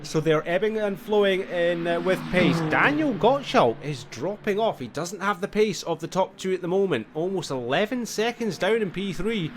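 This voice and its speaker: A man commentates a sim race live, chatty and a little weary from a long day, breaking into high excited yelps at big moments. His voice sits slightly high, and noise is clearly audible behind him. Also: normal speed, hardly any pauses. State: tired, yawning.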